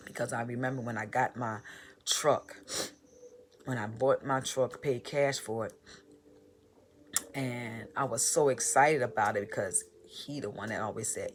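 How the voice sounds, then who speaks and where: Halting, heartfelt woman vlogger. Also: extremely low pitch, slight background noise. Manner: halting, repeats phrases, heartfelt. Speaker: motivational vlogger. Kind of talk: personal story vlog.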